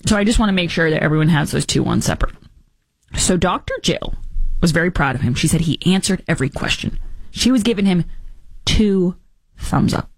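A woman hosting a talk show delivers mocking, theatrical political commentary. Her voice sits low, yet it swoops up and down a lot. The sound is dry and close, with no room echo. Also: expressive, brisk, husky. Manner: mocking, theatrical, does squeaky impressions.

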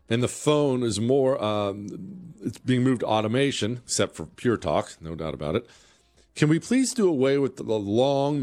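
A middle-aged man hosting a talk radio show, delivering an opinionated monologue full of sarcastic rhetorical questions. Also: medium pitch.

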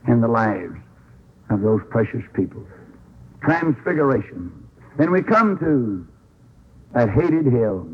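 A man's voice: medium pitch, breathy edge. Folksy preacher man on lo-fi radio. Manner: folksy storytelling, acts out dialogue, swings up into shouts. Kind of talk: old-time revival sermon. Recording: lo-fi radio broadcast recording.

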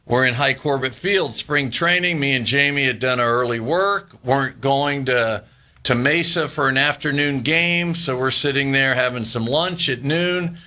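Bright-voiced former ballplayer telling stories. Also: male voice, mid-range voice, moderate pace. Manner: animated anecdotes, laughing often. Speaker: former baseball player, guest. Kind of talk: casual storytelling interview.

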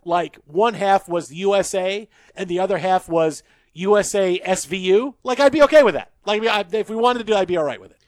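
A man's voice: high-pitched, a little fast, no room sound. A man hosting a sports radio show in a studio, bantering playfully and laughing often.

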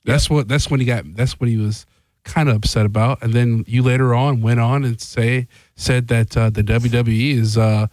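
A man co-hosting a radio talk show, answering back in a low-key way. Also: fairly even intonation, normal speed, a little mellow, dry recording. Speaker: radio co-host. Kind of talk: casual radio banter.

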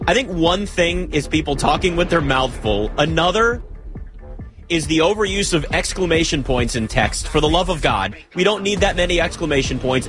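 A man hosting a live sports talk show, talking in an animated, joking way with rambling asides. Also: a little high. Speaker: radio sports talk host.

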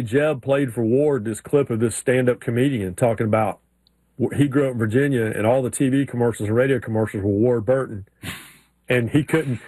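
A man co-hosting a sports radio show, an animated storyteller who slips into drawling voices. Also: medium pitch, husky, no echo. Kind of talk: casual sports chat.

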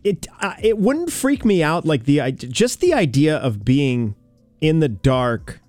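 A man's voice: on the high side, sing-song, measured pace, a little mellow, dry recording, faint music behind. A man hosting a radio show, chatting casually with co-hosts, laughing easily and often restarting his sentences. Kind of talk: casual studio chat.

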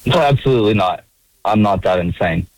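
A man's voice: lowish voice, animated, brisk, darkish tone, no echo. A man from the Pittsburgh area calling a sports radio show, talking casually with lots of hesitations. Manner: hesitant, many fillers, laughs. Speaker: caller. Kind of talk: casual call-in chat. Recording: phone line.

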